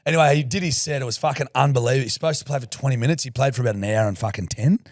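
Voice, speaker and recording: A man's voice: mid-range voice, racing, no room sound. Australian man, young adult, podcast co-host, crude yarn-spinner, dry close sound. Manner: crude, jokey storyteller, loud and lively. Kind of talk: casual chat.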